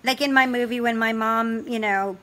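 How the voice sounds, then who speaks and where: A woman with a slightly high voice co-hosts a conversational podcast. She tells stories loosely, circling back with restarts and filler phrases as she goes. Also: fairly even intonation, normal speed, fairly bright tone. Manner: rambling, restarts, frequent "you know". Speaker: podcast co-host. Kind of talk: casual conversational interview.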